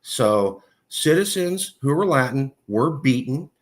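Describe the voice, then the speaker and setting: A podcast host leads a casual interview, talking in long, rambling stretches full of fillers, his pitch jumping high whenever he gets worked up. He sounds expressive and speaks slowly.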